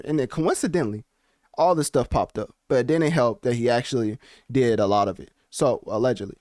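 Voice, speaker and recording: A man's voice: medium pitch, a little fast, dry recording, studio quality. Man casually chatting as podcast host. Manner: animated, conversational, slangy asides. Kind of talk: casual commentary. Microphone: podcast mic, also on video.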